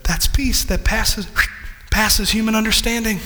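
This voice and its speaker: A male pastor delivering a sermon in a high, bright voice. He teaches in a steady tone, then swells into fervent shouting. The sound carries a long reverb, as in a church hall. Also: moderate pace, a little hiss or hum.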